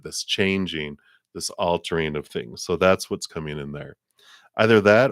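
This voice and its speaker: A man's voice: deep voice, a bit bright, no room sound, studio quality. A middle-aged man giving a live tarot reading to a viewer, musing aloud with frequent chuckles and repeated words as he searches for the right ones. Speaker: tarot card reader.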